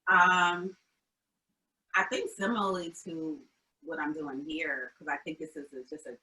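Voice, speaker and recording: A woman from Albany, New York, speaks as an interview guest with a low but bright, forceful voice. She talks frankly and thoughtfully, with many fillers. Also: steady tone, measured pace, poor audio. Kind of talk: casual conversational interview.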